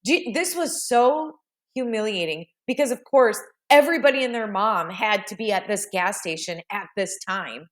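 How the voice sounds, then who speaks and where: A woman's voice: medium pitch, fairly bright tone. Woman rambling thru a funny story about herself, chatty, lots of restarts. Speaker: vlogger. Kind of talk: casual storytelling voice-over.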